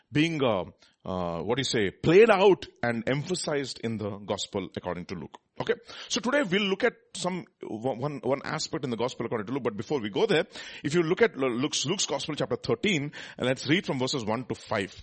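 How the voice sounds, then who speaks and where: A man's voice: mid-range voice, slightly rough. A man giving a sermon, reading scripture and asking the listeners questions. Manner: animated, asks the crowd questions, reads scripture aloud. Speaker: preacher. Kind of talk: sermon Bible teaching.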